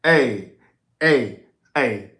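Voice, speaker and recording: A man hosting a casual postgame sports livestream, excitable and prone to repeating himself and stumbling over words. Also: mid-range voice, extremely slow.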